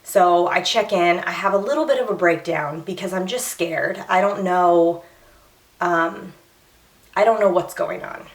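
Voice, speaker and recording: A woman's voice: on the low side, unhurried, recorded from a distance. A young woman vlogging about her pregnancy, candid and emotional, acting out what people said to her. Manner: emotional, candid, retells scenes with quoted dialogue. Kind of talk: personal storytelling vlog. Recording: echoey room, voice a little off-mic.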